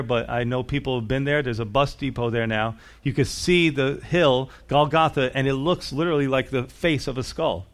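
A male pastor preaching verse by verse through a gospel passage. His voice sits at an ordinary middle pitch, and he explains each line in plain terms. He sometimes acts out the voices of people in the story. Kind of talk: sermon.

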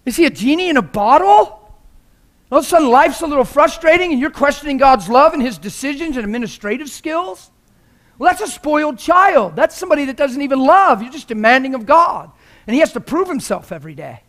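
A man preaching a sermon in an impassioned, exhorting manner that climbs into shouting. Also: very high voice, expressive, fairly quick.

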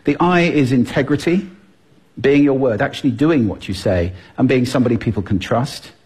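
A man's voice: mid-range voice, normal speed, darkish tone, slightly rough. A man giving a stage talk to a live audience, playful and demonstrating points with his own voice. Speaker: public speaker on voice and speaking.

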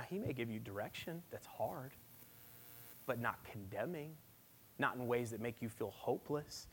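During a church service, a man preaches with a mid-range, slightly rough voice. His sermon swings from forceful, emphatic declarations down to near-whispers.

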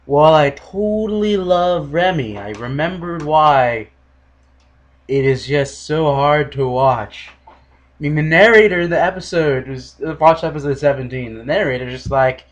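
Animated young man ranting on a podcast. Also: a little high, unhurried. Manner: animated, exaggerated mock quotes. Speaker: podcast host. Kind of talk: casual solo podcast rant.

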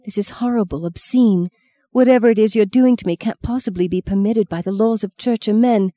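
A woman voicing a frightened young bride in a spoken novel, soft and hesitant. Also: mid-range voice, normal speed, no echo, natural voice. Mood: pleading, upset.

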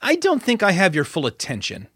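Man putting on a sarcastic teenage girl, raised and bright. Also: sits high, wildly swooping pitch, fairly quick, husky, no room sound, studio quality, voice pushed up, exaggerated voice. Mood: taunting. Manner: mocking, taunting.

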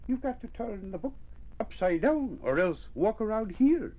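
A man doing gentle Pogo. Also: high voice, sing-song, normal speed, muffled recording, voice pushed up. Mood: advising. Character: kindly helpful male guide Pogo.

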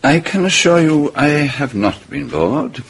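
An actor playing a fussy, courteous foreign detective who speaks in a measured, formal way with a French accent. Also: male voice, fairly high pitch, lively intonation, vocal fry, fairly bright tone, a little hiss or hum, heavily acted. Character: fussy foreign male detective, polite and precise. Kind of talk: radio drama acting.

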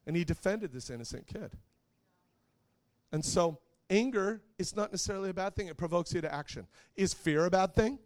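A man preaching to a congregation in a relaxed, conversational sermon. He keeps it light with jokes and asks his listeners questions as he goes. His voice sits a little higher than most men's. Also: brisk. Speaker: pastor.

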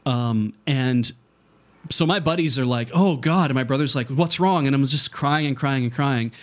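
A man's voice: mid-range voice, moderate pace. A man casually telling a childhood story on a podcast, acting out the voices of people in it and laughing often. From Canada.

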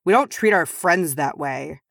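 A woman voicing a gruff, loyal male dwarf warrior who growls his words. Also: deep voice, animated, unhurried, a bit bright, no room sound, studio quality, heavily acted. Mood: defiant.

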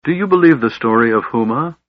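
A man doing a gentle young elf woman. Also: medium pitch, animated, brisk, no echo, lo-fi sound, voice pushed up, lightly acted. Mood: cool.

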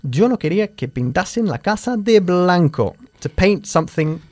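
A man's voice: high voice, very animated, normal speed, darkish tone, dry recording. A man teaching English grammar, correcting and drilling pronunciation in a lesson.

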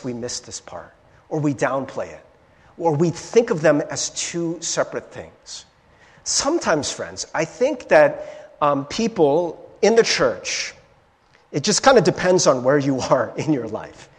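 Speaking at a moderate pace with a slightly high voice, a male pastor gives an animated, conversational sermon, frequently asking "right?". The church sanctuary lends the audio a long, large-hall reverb.

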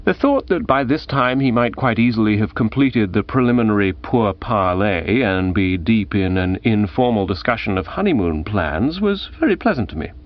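A man narrating a first-person comic novel in a lively, arch storytelling manner. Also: normal speed, few pauses. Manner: lively, arch storytelling with wide pitch swings. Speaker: audiobook narrator. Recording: dull lo-fi audiobook recording.

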